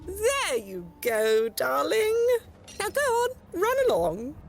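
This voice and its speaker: Snooty game aristocrat, all darling this and darling that, sing-songy high. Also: female voice, wildly swooping pitch, takes it slowly, gravelly, faint music behind, heavily acted. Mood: patronizing. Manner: patronizing, sing-song, calls people darling. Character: condescending aristocratic lady correcting a child. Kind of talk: video game voice acting.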